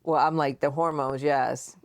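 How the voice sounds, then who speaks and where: Mom in her 40s hosting a podcast, low voice, teasing and animated. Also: moderate pace. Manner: animated, teasing, acts out quotes. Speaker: podcast host, mother. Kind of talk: casual chat.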